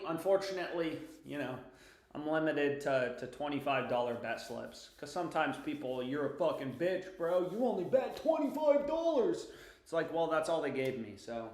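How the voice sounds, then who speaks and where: A young man hosting a casual sports betting livestream from home, excitable and quick to swear as he talks to himself and his viewers. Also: on the high side, roomy sound.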